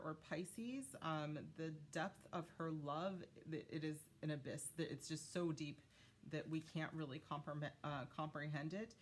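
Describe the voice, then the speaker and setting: Woman, low voice, casual tarot reader, chatty, lots of fillers. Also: a bit bright, slight background noise. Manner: chatty, many fillers, talks to spirit guides. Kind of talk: casual tarot reading to viewers.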